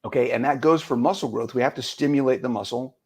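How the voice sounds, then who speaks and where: A man's voice: medium pitch, quick pace, darkish tone, a little hiss or hum. A man, a guest fitness expert, explains things step by step in casual live-stream chat. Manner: explanatory, loses track, then lays it out step by step.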